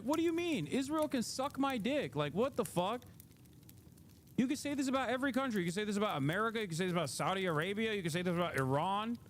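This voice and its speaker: A high-pitched man in his thirties rants furiously on a live stream and swears freely as he reacts to a clip. His voice sits well above the usual male range. A faint hiss runs under the audio. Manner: heated, profane ranting.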